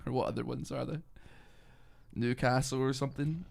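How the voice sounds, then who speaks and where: Rambling gaming streamer. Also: male voice, mid-range voice, steady tone, moderate pace, creaky, a little mellow. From Scotland. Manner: rambling, lots of fillers and laughs. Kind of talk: casual gameplay commentary.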